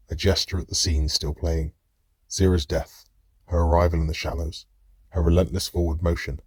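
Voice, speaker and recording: A man narrating a dark fantasy audiobook in the first person, measured and somber. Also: sits low, level tone, breathy edge, dry recording, studio quality.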